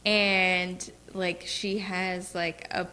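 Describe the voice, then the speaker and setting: A woman's voice: lowish voice, flat delivery, bright, forceful tone, big-room sound, a little hiss or hum. A woman co-hosting a podcast, chatting casually with lots of "like". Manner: chatty, lots of "like" and quick reactions. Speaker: podcast co-host. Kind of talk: casual chat.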